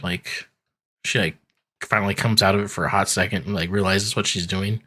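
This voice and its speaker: A man co-hosting a podcast, recapping a cartoon episode in a relaxed, rambling way and acting out the characters' lines. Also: sits low, fairly quick. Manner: laid-back storytelling, acts out characters in quotes. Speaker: podcast co-host. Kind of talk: casual recap chat.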